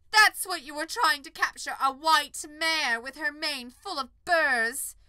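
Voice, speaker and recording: A woman reading an audiobook, voicing a proud ancient female unicorn who is haughty, wondering and quick to shrill outrage. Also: pushed and bright, no room sound. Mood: indignant. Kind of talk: audiobook character voice.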